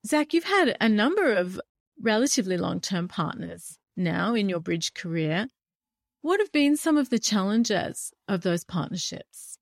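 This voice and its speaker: A woman's voice: mid-range voice, sing-song, a little slow, creaky, dry recording, clean studio sound. A woman co-hosting a podcast, asking a guest plain, direct interview questions. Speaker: podcast co-host.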